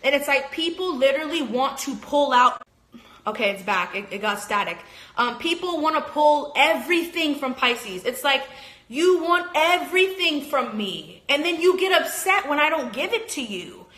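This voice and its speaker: High, bright-voiced woman ranting passionately. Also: lively intonation, moderate pace, echoey room. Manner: passionate, emphatic, swears, heavy use of "like". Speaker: astrologer. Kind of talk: livestream rant. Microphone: phone.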